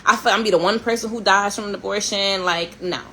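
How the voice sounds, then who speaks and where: A woman in her thirties, from a Haitian family, hosting a casual storytelling chat in a candid, sarcastic and animated way, swearing and laughing often. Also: medium pitch, quick pace, slight background noise, poor audio. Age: 30s. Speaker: host.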